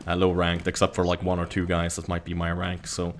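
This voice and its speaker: A man with a Swedish accent talks through his match in a relaxed, profane way. His voice sits a little low, and a faint hiss runs under the mic. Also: fairly quick. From Jämtland, Sweden. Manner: casual, swears a lot, laughs often. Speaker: gaming commentator. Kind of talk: live gameplay commentary.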